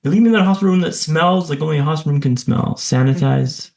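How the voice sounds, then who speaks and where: Gravelly-voiced man telling a gripping story. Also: on the high side, quick pace, darkish tone, reverberant. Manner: vivid, punchy, self-deprecating humour. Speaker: podcast guest and speaker. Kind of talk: dramatic personal storytelling.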